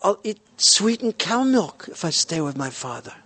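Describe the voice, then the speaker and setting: A man's voice: high-pitched, sing-song, normal speed, fairly bright tone, slightly rough, voice pushed up, full character voice. A man voicing the little boy Krishna, who clings stubbornly to his father and refuses to leave. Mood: clinging.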